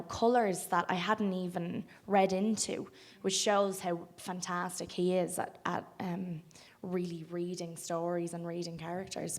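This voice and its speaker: Young Irish woman with a Dublin accent. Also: fairly low pitch. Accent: Irish, generic Dublin. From Ireland. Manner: chatty, full of ums and laughs. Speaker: film actor guest. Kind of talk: casual panel interview. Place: festival cafe stage.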